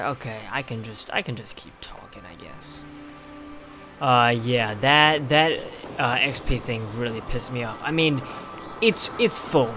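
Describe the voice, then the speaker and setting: Slow-talking gamer guy rambling through a let's play, lots of ums, game music playing under him. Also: medium pitch. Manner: rambling, with many fillers and frustrated asides. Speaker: gameplay youtuber. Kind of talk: casual let's play commentary.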